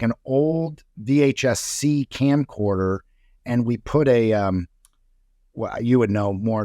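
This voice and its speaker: A man's voice: on the low side, no room sound, studio quality. A man chatting as a podcast guest, telling long rambling stories full of fillers and restarts. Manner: rambling storyteller, many fillers. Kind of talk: casual chat.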